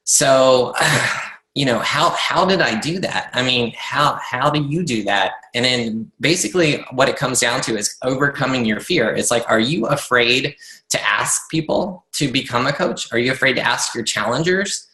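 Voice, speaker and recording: A man with a bright, forceful voice gives a motivational talk to his coaching team. He speaks earnestly and conversationally, with frequent fillers and restarts. The sound is roomy and echoey. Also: medium pitch, expressive, normal speed. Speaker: network marketing coach leading a team call.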